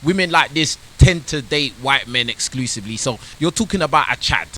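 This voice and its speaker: Guy reacting to a dating clip, blunt and scornful, bright sharp voice. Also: mid-range voice, animated, a little fast, slight background noise. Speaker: reaction channel host. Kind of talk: reaction commentary.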